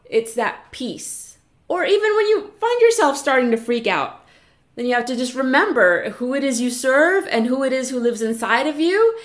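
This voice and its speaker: A woman preaching a chapel message, earnest and encouraging, slowing down to read scripture aloud. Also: on the high side, animated. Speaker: chapel speaker. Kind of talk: sermon.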